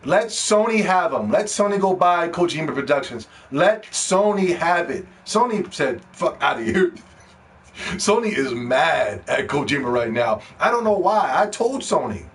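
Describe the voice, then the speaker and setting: A man hosting a gaming podcast, ranting and pleading, dropping to hushed begging and then rising to shouts. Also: fairly high pitch, very animated, unhurried. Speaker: podcast host.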